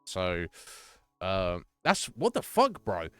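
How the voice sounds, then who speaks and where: Male streamer, animated, loose and profane, close dry sound. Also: sits low, clear, resonant tone, no echo, faint music behind. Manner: chatty, profane, quick to laugh. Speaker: Twitch streamer. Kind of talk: casual live-stream chat with viewers.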